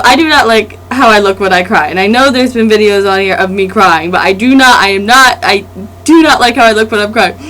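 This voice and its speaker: A young woman vlogging to camera in a casual, rambling and excited way, with restarts and laughs. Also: high voice, low-quality recording.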